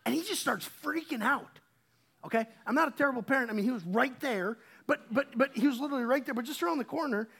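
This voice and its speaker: Male pastor, 30s, high light voice; chatty sermon with emphatic swells and halting restarts. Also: gravelly, husky. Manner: animated, swings from quiet to emphatic; halting, repeats words when restarting. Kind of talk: conversational sermon.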